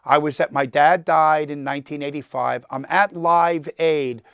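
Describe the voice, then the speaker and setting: Gravelly, talkative New York man. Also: a little high, moderate pace, no echo, clean studio sound. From New York, the Bronx. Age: 60s. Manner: talkative, animated, quizzes the audience. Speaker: guest lecturer, entertainment attorney. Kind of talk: storytelling lecture to a class.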